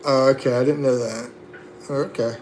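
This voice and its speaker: A man's voice: mid-range voice, fairly even intonation, normal speed, a little mellow, a little hiss or hum. A man hosting a casual livestream, reading viewer comments aloud and chatting back with laughs and fillers. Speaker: livestream host.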